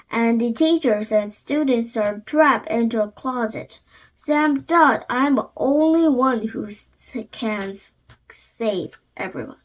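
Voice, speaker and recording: A woman with a high voice, whose first language is Korean, slowly reads a children's chapter book aloud as the channel's host. Her reading is careful and halting, with frequent restarts.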